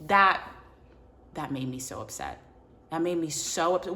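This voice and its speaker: Lady rambling about a book she loved, lots of likes, slightly low voice, gets really animated. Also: measured pace, a little hiss or hum. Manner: animated, filler-heavy, acts out characters' lines. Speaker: book reviewer. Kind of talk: casual book review chat.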